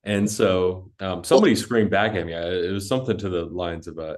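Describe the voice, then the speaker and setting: A young man with a very low, deep voice rambles through a story on a casual podcast. He cusses freely and leans on "dude" and "like" as he talks. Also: brisk, few pauses, a little mellow. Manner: rambling storytelling, heavy cussing, lots of "dude" and "like". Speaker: podcast co-host.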